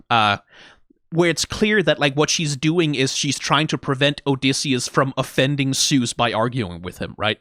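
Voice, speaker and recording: A man talks through a reaction video in an animated, casual way, tossing in mocking impressions and plenty of swearing. His voice sits at an ordinary middle pitch. The sound is dry and close, with no room around it. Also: moderate pace, dry recording. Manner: animated, acts out characters' lines mockingly, swears freely. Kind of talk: casual commentary.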